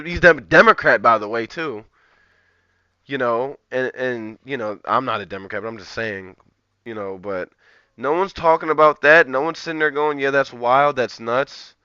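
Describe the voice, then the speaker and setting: A man's voice: mid-range voice, pushed and bright, smooth, no room sound. A man ranting in casual commentary, rambling and profane, with lots of filler words. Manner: profane, rambling, heavy use of "like". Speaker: streamer. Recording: dull lo-fi, dry.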